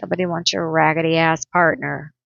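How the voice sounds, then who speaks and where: A woman's voice: sits low, fairly even intonation, brisk, vocal fry, fairly bright tone, no echo, muffled recording. A woman giving a pick-a-card tarot reading, blunt and sassy, laughing often. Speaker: tarot reader.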